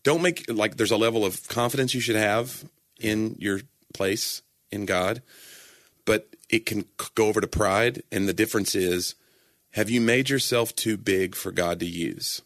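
This man performs and speaks at churches, and here he chats earnestly about faith in a rambling way, often correcting himself mid-thought. His voice is lowish and fairly bright, at a moderate pace, captured as a dry, clean studio recording.

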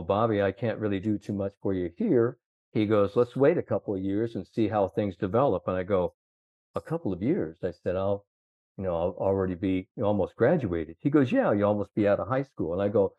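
A man's voice: fairly low pitch, dry recording, muffled recording. A middle-aged man, a sports psychologist, telling long rambling anecdotes full of fillers and quoted dialogue. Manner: rambling anecdotes with many fillers, quoting others. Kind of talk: casual storytelling.

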